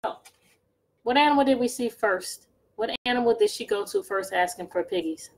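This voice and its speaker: A woman teacher reading a picture book aloud to children, pausing to ask them questions. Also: a little high, gravelly, rough recording. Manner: slow, expressive, asks children questions. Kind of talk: storybook read-aloud lesson.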